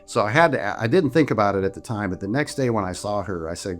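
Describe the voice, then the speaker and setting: Low-voiced man telling a chatty story. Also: expressive, quick pace, a bit bright, soft background music. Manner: chatty, jokey, many restarts and "so anyway". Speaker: vlogger telling a personal story. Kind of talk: casual storytelling to camera.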